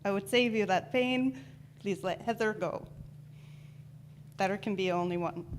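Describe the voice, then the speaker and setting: A woman's voice: medium pitch, measured pace, slight background noise, close to an everyday voice. A woman voicing a solemn ancient swordsman mentor with a put-on accent, on a convention stage. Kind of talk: reading a film monologue in a put-on voice.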